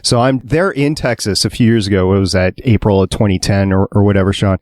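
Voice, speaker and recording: Male podcast host from Minnesota, low voice, asks questions; dry recording. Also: quick pace, a little mellow, no echo. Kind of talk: casual podcast chat.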